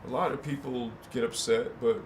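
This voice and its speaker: A man hosting a spiritual talk, rambling between quiet musing and impassioned shouts. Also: mid-range voice, fairly even intonation, normal speed. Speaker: spiritual channel host. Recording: echoey room with faint noise.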